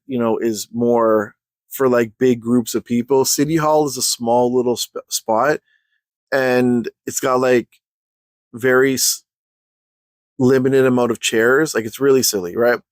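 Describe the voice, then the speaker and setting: A man telling a story in a casual rant for his vlog, heated and full of slang, clearly fed up. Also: medium pitch, normal speed, no echo. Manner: heated, slangy, exasperated ranting.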